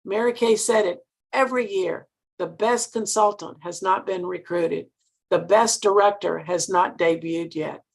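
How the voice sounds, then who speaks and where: A woman's voice: lowish voice, fairly even intonation, measured pace, creaky. An older woman from Mississippi, giving an earnest motivational sales talk and asking her listeners direct questions.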